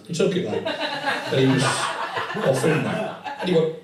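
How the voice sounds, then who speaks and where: A man's voice: fairly high pitch, big pitch swings, normal speed. Rambling, sweary man doing live stand-up. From England. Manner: swearing, rambling anecdotes with impressions. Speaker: stand-up comedian. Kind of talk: stand-up storytelling. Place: tattoo studio with a live audience. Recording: echoey room from far off with crowd laughter. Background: audience laughing.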